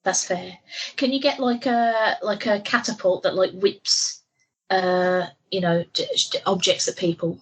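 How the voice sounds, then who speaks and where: A woman's voice: medium pitch, steady tone, a little slow, slightly rough, rough recording. A woman co-hosting a podcast in casual, giggly, rambling chat. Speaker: podcast co-host.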